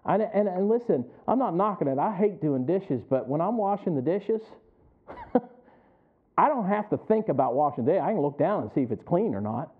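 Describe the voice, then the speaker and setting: Middle-aged guy preaching, kinda high voice, chatty, chuckles a lot, asks the church to answer back, tinny phone-like audio. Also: very animated, moderate pace. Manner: conversational, chuckling, asks the congregation for responses. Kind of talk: sermon.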